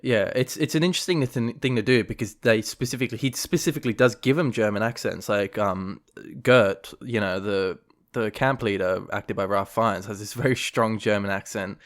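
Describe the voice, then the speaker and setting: A low-voiced man, co-hosting a podcast, chats casually about films at a moderate pace. He rambles, with many fillers and restarts.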